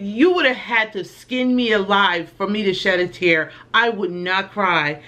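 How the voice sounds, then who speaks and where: Bright-voiced woman vlogging a haul. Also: medium pitch, normal speed, hardly any pauses. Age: older. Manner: chatty, affectionate, emotional. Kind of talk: casual haul vlog.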